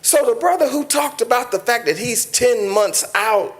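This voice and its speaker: A man's voice: very high voice, animated, moderate pace. A man, a mayor giving a preacherly banquet speech from a podium that builds to impassioned peaks. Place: large banquet hall with an audience.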